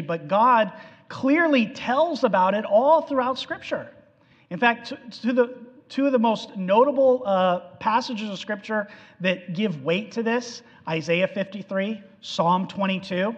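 A man preaching a sermon, animated and acting out the quotes, in an echoey hall on a dull, lo-fi recording. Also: high voice, a little slow.

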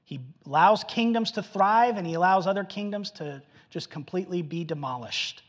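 High-voiced animated man preaching. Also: moderate pace, long reverb tail. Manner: animated storytelling, acts out quoted voices. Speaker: pastor. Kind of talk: sermon.

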